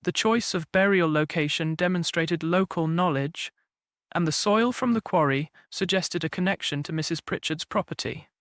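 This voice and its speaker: A man narrating a cozy detective story in an even, measured storytelling manner. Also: a little high, no echo, studio quality. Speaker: audiobook narrator. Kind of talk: scripted mystery narration.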